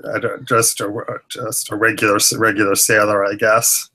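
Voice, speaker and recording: A man playing a tabletop game, stammering and halting as he talks. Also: fairly low pitch, flat delivery, pushed and bright. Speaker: player. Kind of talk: casual tabletop play.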